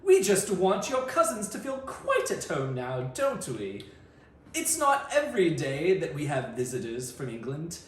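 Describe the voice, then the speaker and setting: A jolly dad doing an over-the-top fake posh British accent, as a man reading aloud puts him on. The voice swings high and lively with every line. It sits in a roomy space with a faint hiss underneath. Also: measured pace. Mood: jolly mock-posh. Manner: hammy, high-pitched mock-posh delivery. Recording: roomy room with faint noise.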